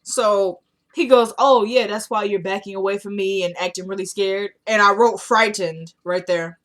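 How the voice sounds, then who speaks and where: A woman casually recapping a TV episode, retelling scenes line by line and chatting excitedly with viewers. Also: mid-range voice. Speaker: TV episode reviewer. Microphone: camera microphone.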